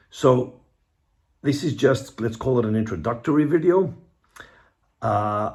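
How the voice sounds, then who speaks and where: Slow, low-voiced man speaking reflectively. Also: gravelly, a little mellow. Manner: halting, reflective, with restarts and pauses. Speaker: bereaved father sharing his story. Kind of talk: personal video monologue. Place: hallway of his home, indoors.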